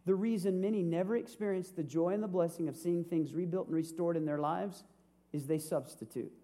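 A man's voice: sits high, fairly even intonation, a little fast, dark tone. A man in his fifties, a pastor, preaching a sermon with humor and rhetorical questions. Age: 50s.

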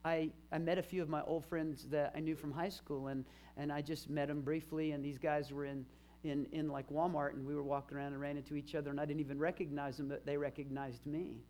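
A man's voice: a little high, flat delivery, fairly quick, a little mellow. A man in his fifties, a pastor preaching a sermon and telling stories of church members with emphatic rises. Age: 50s. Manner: storytelling, retelling conversations, emphatic rises.

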